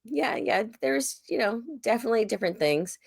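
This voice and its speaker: A woman's voice: fairly high pitch, a little fast, creaky, no room sound, clean studio sound. A woman cohosting a comedy podcast, chatting casually and acting out quoted dialogue as she tells stories. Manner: animated, acts out quoted dialogue. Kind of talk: casual chat, storytelling. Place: Oklahoma.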